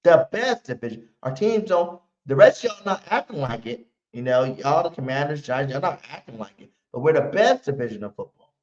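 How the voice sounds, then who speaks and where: A man's voice: a little high, big pitch swings, fairly quick, darkish tone. Fan-stream host, male, brash trash talk, roomy muffled audio. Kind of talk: live pregame fan stream.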